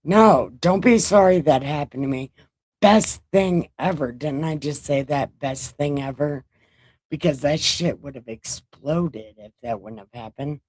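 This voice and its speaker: A middle-aged woman chats on her livestream in an unhurried, drawn-out way and is openly mouthy, swearing without a second thought. Her voice sits close and dry, with almost no room sound around it. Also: low voice, a little mellow, no echo. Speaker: livestream host. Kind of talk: casual livestream chat.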